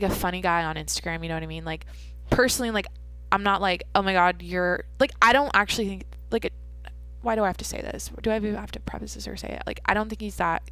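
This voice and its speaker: A woman's voice: mid-range voice, fairly bright tone, no room sound. Rambling, swearing woman podcast host. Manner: rambling, profane, self-interrupting storyteller. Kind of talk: casual solo podcast monologue. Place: home at night.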